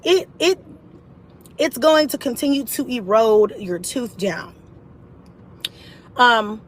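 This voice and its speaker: A woman talking straight to her viewers in a casual, animated vlog, swearing freely as she tells her story. Her voice sits high and swings widely in pitch as she talks. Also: poor audio. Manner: animated and profane, with laughs. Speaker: vlogger telling a personal story.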